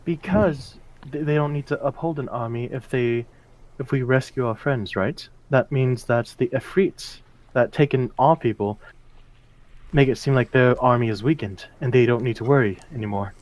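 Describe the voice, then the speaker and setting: Man, tabletop player, earnest, in-character talk, mid pitch. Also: normal speed, darkish tone, poor audio. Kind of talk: tabletop role-play, in-character speech.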